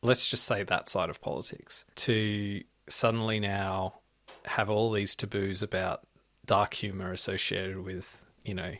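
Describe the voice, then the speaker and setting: A low-voiced man with a gravelly, fry-edged tone co-hosts a casual political chat. He talks in loose, rambling runs, tagging "like" and "right?" onto his thoughts. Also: little pitch movement, unhurried, a bit bright, no echo. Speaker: podcast co-host.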